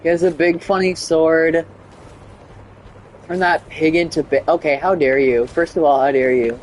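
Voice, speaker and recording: A woman's voice: low voice, normal speed, a little hiss or hum. A woman giving comedic, rambling gameplay commentary in a put-on British accent. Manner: mock British impression, excitable, rambling. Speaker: gaming YouTuber.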